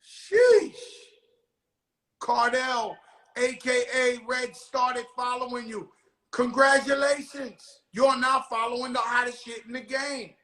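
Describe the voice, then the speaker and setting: Loud, bright-voiced rowdy man host. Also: extremely high pitch, flat delivery, unhurried, echoey room, rough recording. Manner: rowdy, profane storytelling with shouted bursts. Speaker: show host. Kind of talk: casual chat.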